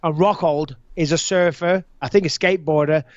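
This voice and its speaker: A man hosting a podcast, telling stories in an animated, joking way and swearing freely. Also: on the high side, normal speed, no echo, lo-fi sound. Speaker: podcast host. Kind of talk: casual podcast chat.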